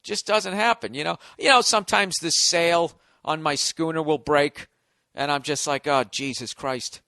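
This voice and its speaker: A man's voice: on the high side, fairly even intonation, moderate pace, creaky, bright, forceful tone, no echo. A man hosting a podcast, delivering a sarcastic, profane comedic rant. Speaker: podcast host.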